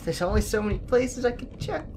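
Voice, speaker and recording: A woman's voice: fairly high pitch, expressive, fairly quick, noisy background. A woman playing a horror game and commenting on it, frustrated and swearing, often muttering to herself. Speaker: gaming video creator.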